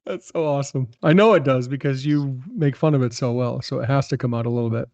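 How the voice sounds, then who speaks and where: A man's voice: medium pitch, quick pace, darkish tone, no room sound, lo-fi sound. Playful man host in a dry room. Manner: teasing, playful, asks questions. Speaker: podcast host asking questions. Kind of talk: casual chat.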